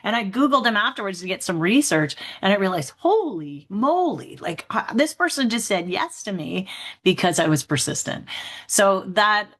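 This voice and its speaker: A woman's voice: medium pitch, moderate pace. A middle-aged woman, a trainer and author, telling candid personal stories as an interview guest and acting out her own past thoughts as she goes. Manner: animated storyteller who acts out her own past thoughts; upbeat and candid, with frequent "like" and "right?". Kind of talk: casual interview storytelling.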